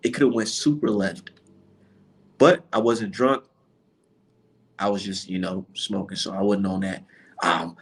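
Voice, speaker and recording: A man, a boxing vlogger, telling a story in a casual rant that is animated, profane and full of slang. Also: deep voice, slow pace, long pauses, slightly rough.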